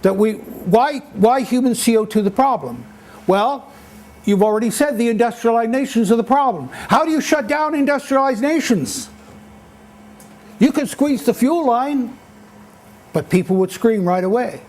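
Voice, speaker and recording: An older man giving an animated lecture-style talk at a townhall, acting out quotes as he tells stories. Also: very high voice, moderate pace. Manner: animated storytelling, acts out quotes. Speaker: speaker at a townhall.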